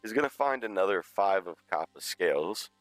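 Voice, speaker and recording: Male game master, low bright voice, dry close sound, rambling narration. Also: moderate pace, no room sound, faint music behind. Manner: relaxed, rambling, with restarts.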